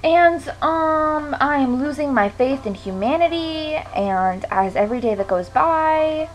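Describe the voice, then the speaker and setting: Teenage girl, frustrated rant to camera, swears a lot, slightly high voice. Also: expressive, a little slow, a little hiss or hum, poor audio. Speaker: vlogger. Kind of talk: ranting to camera.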